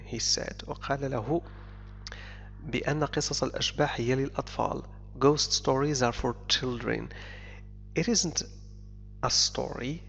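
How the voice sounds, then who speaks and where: A man who speaks Arabic natively, reading a story aloud in English slowly and translating it into Arabic as a language lesson. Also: medium pitch, vocal fry, fairly bright tone, slight background noise. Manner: reads English slowly, explains quickly in Arabic. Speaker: English teacher. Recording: dull, lo-fi audio in a reverberant room.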